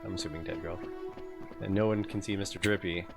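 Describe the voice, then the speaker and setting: Deadpan low-voiced game streamer. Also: male voice, fairly quick. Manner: low-key, deadpan, mumbled asides. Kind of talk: casual gameplay commentary. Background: game music.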